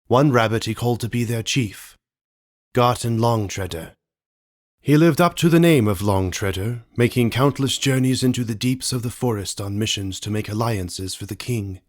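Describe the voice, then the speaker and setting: A man voicing a tender, solemn father rabbit in a storybook, telling an old tale in an earnest, halting way. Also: mid-range voice, natural voice. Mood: solemn, grieving. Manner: earnest, halting, voice breaking with emotion.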